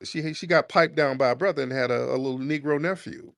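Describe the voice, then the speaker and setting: A man hosting a call-in show, taunting a caller with mocking, drawn-out repeated questions. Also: on the high side, vocal fry, fairly bright tone, dry recording, studio quality. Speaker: host of a call-in talk show. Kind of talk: confrontational call-in radio talk.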